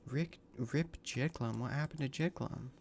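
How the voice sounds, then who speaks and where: A man's voice: medium pitch, normal speed, creaky, darkish tone, slight background noise. A man streaming a game, reading the dialogue aloud and reacting with crude slang and frequent swearing. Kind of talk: casual gaming livestream commentary.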